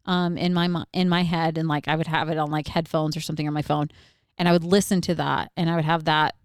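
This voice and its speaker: A woman's voice: deep voice, quick pace, smooth, no echo, studio quality. A young woman co-hosting a casual podcast chat, telling a story with lots of fillers and frequent laughter. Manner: animated storyteller, laughs often, many fillers. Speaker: podcast co-host.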